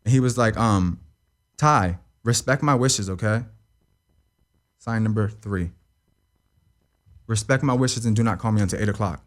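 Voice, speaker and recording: A young man with a slightly low voice recounts a hard personal story as a guest. He talks in loose, repetitive runs, swears freely and keeps checking in with "you know what I mean.". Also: moderate pace, long pauses. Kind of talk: emotional personal account in an interview.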